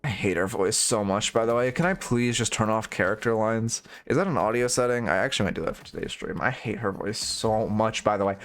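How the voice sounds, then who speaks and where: A man's voice: lowish voice, fairly quick, hardly any pauses, a bit bright. A young man streaming and coaching a game, rambling through frank, profane critique in casual commentary.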